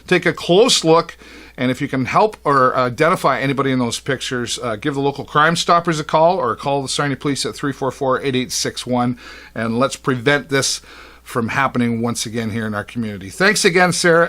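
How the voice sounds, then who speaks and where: A man's voice: medium pitch, brisk, fairly bright tone. A man hosting a local community TV show in a chatty, upbeat way, often saying "all right" and "uh".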